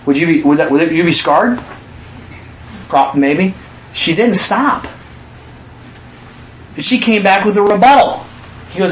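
Middle-aged preacher guy, kinda high voice, chatty, tells stories in his sermon. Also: unhurried, long pauses, low-quality recording. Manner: animated, conversational, acts out quotes. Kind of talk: storytelling sermon.

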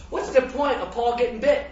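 A high-pitched man delivers a lively sermon, laughing and challenging his congregation with questions. His voice rings through a very echoey church hall, caught from a distance on a dull mic with faint background noise. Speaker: preacher.

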